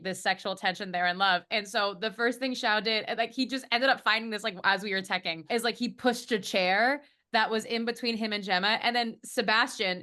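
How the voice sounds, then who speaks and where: Young woman, cast member, bright tone, chatty and rambling. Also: fairly high pitch. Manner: rambling, many restarts and "like"s. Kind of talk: casual podcast chat.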